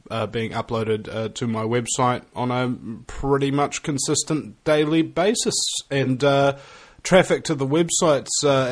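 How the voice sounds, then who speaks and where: A New man talks as a radio guest, rambling and joking with frequent fillers. His voice sits at a middling pitch. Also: fairly bright tone. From New Zealand. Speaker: radio guest and fellow show host. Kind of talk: casual talk radio chat.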